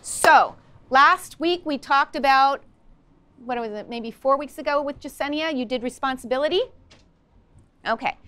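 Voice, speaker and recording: High-pitched lady teacher in a classroom, peppy, keeps asking the kids questions. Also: moderate pace, long pauses, a bit bright. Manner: upbeat, coaxing, asks the class many questions. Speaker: social-emotional learning teacher. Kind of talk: classroom lesson. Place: school classroom.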